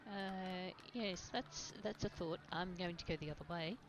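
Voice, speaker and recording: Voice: medium pitch, measured pace, background noise. A gamer chatting casually and self-deprecatingly while playing a video game. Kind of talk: casual let's-play commentary.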